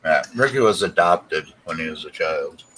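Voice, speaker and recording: A man's voice: rumbling low, expressive, moderate pace, noisy background. A man hosting a casual live stream from his living room, chatting with guests while he tinkers and mutters.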